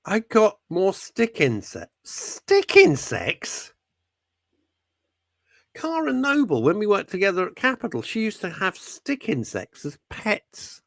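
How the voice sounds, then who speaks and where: A man's voice: high-pitched, wildly swooping pitch, slow, creaky, fairly bright tone, no echo. A man hosting a talk radio show, rambling and jokey as he talks through listener messages. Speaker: radio host. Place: radio studio.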